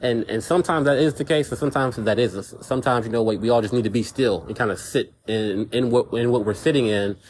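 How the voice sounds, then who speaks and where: A man's voice: mid-range voice, fast talker, hardly any pauses, darkish tone, a little hiss or hum. A man hosting a casual solo podcast, rambling and repeating words as he talks things through. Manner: rambling, repeats words, says "you know what I'm saying". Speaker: podcast host.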